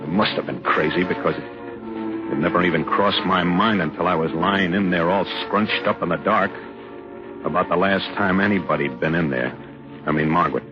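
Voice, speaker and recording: Guy doing a tense jealous husband telling his story, lowish voice, music behind, dull old radio audio. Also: moderate pace, natural voice. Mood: brooding. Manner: tense, brooding, confessional narration. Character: jealous anguished young husband narrating. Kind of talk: 1940s radio acting.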